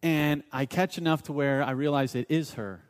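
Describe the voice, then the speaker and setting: Pastor preaching in a reverberant hall. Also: male voice, on the high side, normal speed, clean tone. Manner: storytelling, shifts between loud urging and hushed asides. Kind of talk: sermon.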